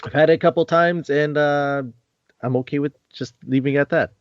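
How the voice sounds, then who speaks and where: A man's voice: on the high side, steady tone, brisk, lo-fi sound. A man hosting a casual podcast interview, talking hesitantly with frequent ums. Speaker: podcast host.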